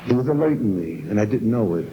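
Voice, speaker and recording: A man's voice: fairly low pitch, animated, fast. Earnest man on an old tape. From New York. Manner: earnest, emotional storytelling. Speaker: speaker at a recovery meeting. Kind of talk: personal testimony talk. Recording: dull lo-fi 1970s tape with faint hiss.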